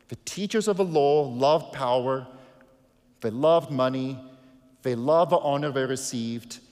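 Male pastor, mid-pitched, earnest sermon delivery, echoing sanctuary sound. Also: a little slow. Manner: earnest, shifts from hushed to emphatic.

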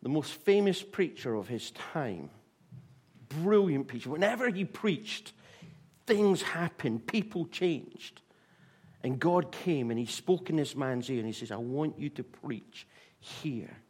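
A man preaching a sermon, telling a Bible story in a lively way with restarts and fillers. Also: on the high side, a little slow, slightly rough.

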